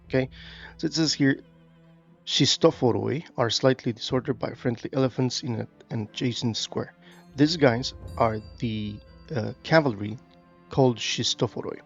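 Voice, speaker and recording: Casual gameplay narrator, male, gravelly, halting reads, muffled mic, soft music bed. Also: medium pitch. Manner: reads tutorial text aloud then comments loosely, many fillers. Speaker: gaming YouTuber.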